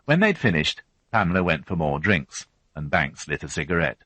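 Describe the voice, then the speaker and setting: A man narrating a crime novel as an audiobook reader, unhurried and even. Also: low voice, no room sound. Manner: even, unhurried reading with voiced characters. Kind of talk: scripted narration.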